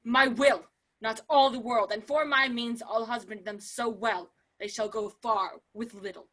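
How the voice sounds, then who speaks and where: Actress as a vengeful young man, bright and high, fierce outbursts and hushed vows. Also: steady tone, measured pace, poor audio. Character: Laertes, furious young man seeking revenge. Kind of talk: amateur remote play reading.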